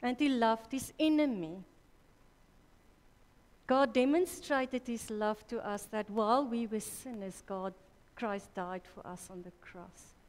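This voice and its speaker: A woman preaching a sermon at a church women's conference, slow and deliberate, correcting herself mid-sentence. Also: fairly high pitch. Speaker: conference speaker. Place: church hall. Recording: reverberant church hall.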